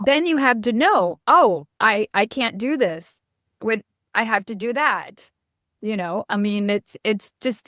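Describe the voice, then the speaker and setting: A middle-aged woman from New York, a marketing expert speaking as a podcast guest, blunt and animated, often breaking off mid-sentence. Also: mid-range voice, no room sound, studio quality. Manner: blunt, animated, self-interrupting. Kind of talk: casual podcast interview.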